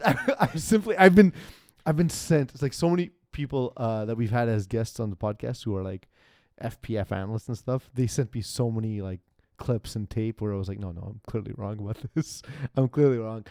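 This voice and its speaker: A man's voice: medium pitch, a little mellow, dry recording, studio quality. Rambling, self-mocking podcast host man. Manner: rambling, self-deprecating, quick asides. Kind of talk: casual sports podcast chat.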